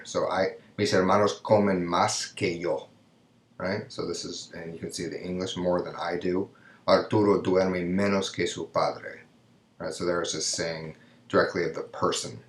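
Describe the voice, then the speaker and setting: A man teaching a recorded grammar lesson, explaining step by step and often checking in with "right?". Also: sits low. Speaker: Spanish teacher. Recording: echoey room.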